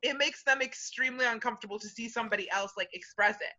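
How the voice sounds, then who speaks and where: A woman guest on a casual podcast, talking in an animated way with laughs and many fillers. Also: on the high side, fast talker, dull audio. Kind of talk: casual chat.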